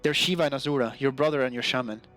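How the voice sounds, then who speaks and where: A man's voice: medium pitch, very fast, fairly bright tone, faint music behind, lightly acted. A man reading aloud the lines of an earnest, guilt-ridden young male adventurer in a role-playing game, speaking in an apologetic, serious manner.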